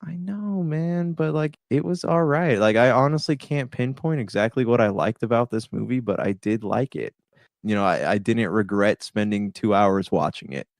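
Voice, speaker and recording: A man's voice: medium pitch, moderate pace, gravelly, dry recording, clean studio sound. A man co-hosting a podcast, talking casually about movies in a laid-back, hesitant way. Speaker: podcast co-host. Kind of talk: casual movie review chat.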